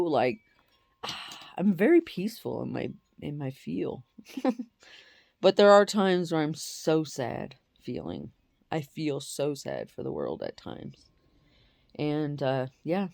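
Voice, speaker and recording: Low-voiced woman giving candid life advice. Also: no room sound, clean studio sound. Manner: candid, swears freely, emphatic repetition. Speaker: self-help speaker. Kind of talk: casual motivational monologue.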